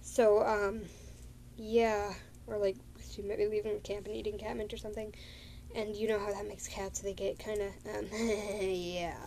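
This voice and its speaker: A woman's voice: mid-range voice, warm tone, slight background noise. A woman casually recapping a role-play story, rambling and giggling with many fillers.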